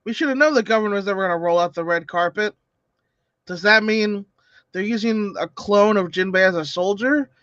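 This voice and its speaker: A man's voice: high voice, brisk, a bit bright, smooth, dry recording, dull audio. A man co-hosting a casual live stream, chatting as he reads a comic aloud and throws in joking asides. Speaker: co-host.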